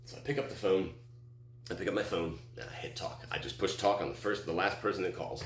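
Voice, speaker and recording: A very deep-voiced man from Texas tells a rambling personal story, full of restarts and acted-out quotes. His voice echoes around a roomy space, and a faint hum sits underneath. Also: fairly quick. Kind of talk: personal story told on stage.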